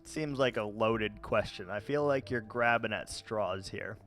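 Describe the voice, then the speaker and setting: A man casually chatting with viewers while playing a game, rambling and relaxed with many fillers and restarts. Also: lowish voice, a little slow. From United States. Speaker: gaming vlogger. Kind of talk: casual let's-play chat answering viewers.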